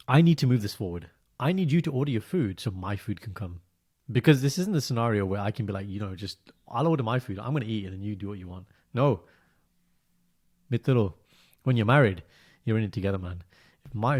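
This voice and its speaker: A man, co-hosting a podcast in casual chat, telling stories with animation that often drops to a quiet, low-key delivery. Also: lively intonation, brisk. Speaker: podcast co-host.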